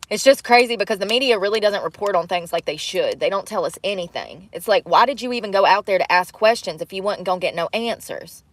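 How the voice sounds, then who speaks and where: A woman's voice: mid-range voice, fairly bright tone. A woman hosting a casual livestream, talking bluntly to her chat, swearing freely and laughing often. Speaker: livestream host. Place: in a vehicle.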